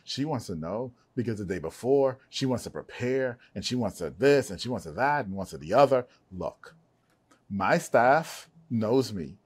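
Middle-aged male host, husky, mid-pitched, emphatic and folksy with his audience. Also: expressive, moderate pace. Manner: emphatic, folksy, addresses listeners. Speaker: podcast host. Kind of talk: conversational podcast interview.

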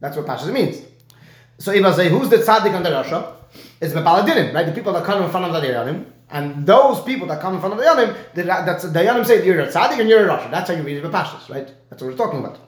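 A man teaching a Talmud lesson, explaining Rashi and checking in with his student with a quick "right?". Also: sits high, animated. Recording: echoey room.

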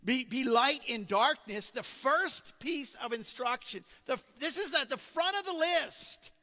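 Male pastor mid-sermon, earnest, repeats himself as he builds, high and bright. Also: lively intonation, measured pace. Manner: earnest storytelling with frequent restarts. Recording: long hall reverb.

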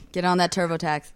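A woman co-hosting a podcast while sick, a bit husky, teasing and laughing often in casual chat. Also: lowish voice, a little mellow, no room sound. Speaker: podcast co-host.

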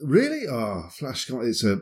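A man's voice: mid-range voice, huge pitch swings, moderate pace, darkish tone, husky. A man, co-hosting a podcast in casual chat, jokey and talkative with dry humour. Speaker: podcast co-host.

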